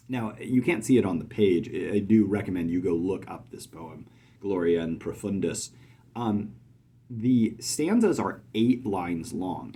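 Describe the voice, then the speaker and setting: A man's voice: lowish voice, mellow, husky. A man teaching poetry in a video lesson, thinking aloud with fillers and chanting rhythms to show the stresses. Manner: thoughtful, many fillers, chants stress patterns.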